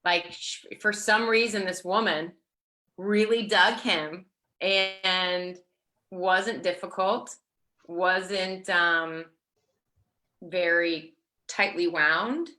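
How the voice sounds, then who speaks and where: Bright-voiced woman, rambling interview guest. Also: lowish voice, fairly even intonation, drawn-out words. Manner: rambling, full of fillers and restarts. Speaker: guest actor. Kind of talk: casual interview chat.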